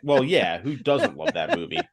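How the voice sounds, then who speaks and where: A man's voice: fairly low pitch, sing-song, moderate pace. Joking man on a film podcast. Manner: joking, stammering restarts. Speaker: podcast co-host. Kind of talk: casual film podcast banter.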